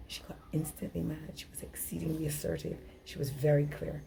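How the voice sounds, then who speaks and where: A woman's voice: low voice, flat delivery, fairly quick, vocal fry, mellow, slight background noise. A middle-aged woman giving an earnest, emphatic relationship workshop talk, often acting out dialogue. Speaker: relationship coach.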